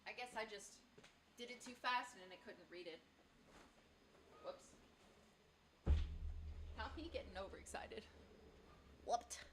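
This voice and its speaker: A woman's voice: medium pitch, measured pace, pauses often, sharp tone, a little hiss or hum. A woman hosting a casual livestream from her home studio, chatty and outspoken, swearing when annoyed, on a studio mic that picks up the room. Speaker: livestream host. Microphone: studio mic picking up the room.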